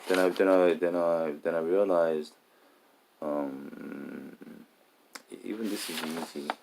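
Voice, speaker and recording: A man in a casual monologue, talking haltingly and often restarting and repeating his words. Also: deep voice, fairly even intonation, gravelly, noisy background.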